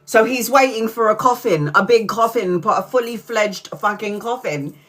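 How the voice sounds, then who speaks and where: A woman's voice: on the high side, normal speed, fairly bright tone. Middle-aged woman streamer: loose, profane, laughing storyteller. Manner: swears constantly and laughs through the story. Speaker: tarot reader streamer. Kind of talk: casual live-stream storytelling.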